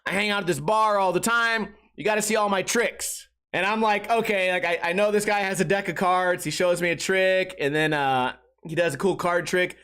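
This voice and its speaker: Young male podcast host, high voice, animated storyteller who acts out dialogue. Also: moderate pace, few pauses, clear, resonant tone. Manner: animated, acts out quotes, laughs often. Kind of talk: casual storytelling.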